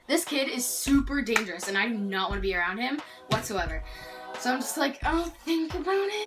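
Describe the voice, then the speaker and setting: Teenage girl, from Canada, animated storytime vlog, acts out quotes, distant mic, loud background music. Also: medium pitch. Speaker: vlogger.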